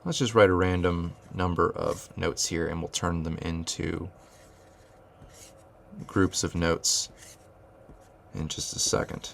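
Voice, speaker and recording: A man's voice: deep voice, steady tone, slow pace, creaky, long pauses, a little hiss or hum. A man teaching rhythm at a whiteboard, thinking aloud with fillers and restarts and chanting rhythm syllables. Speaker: music teacher.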